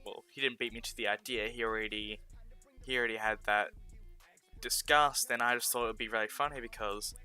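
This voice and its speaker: A man's voice: on the low side, steady tone, brisk, pushed and bright, smooth. A man with a South Australian accent chatting casually while gaming on a stream, rambling, sarcastic and often correcting himself. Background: faint background music.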